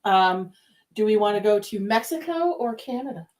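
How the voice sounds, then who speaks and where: A woman's voice: medium pitch, expressive, normal speed, a little mellow. A woman co-hosting a snack tasting show, chatting playfully and often breaking off mid-word. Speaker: snack review show co-host. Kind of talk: casual chat tasting snacks.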